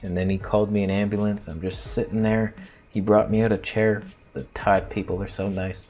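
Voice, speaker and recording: A young man casually telling a story to camera, crude and joking, dropping into quiet theatrical asides. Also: on the low side, level tone, fairly quick. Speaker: vlogger.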